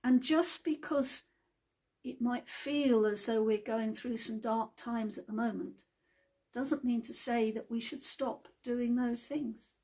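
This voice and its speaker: A woman giving a gentle devotional talk in an unhurried, chatty storytelling manner. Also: a little high, steady tone.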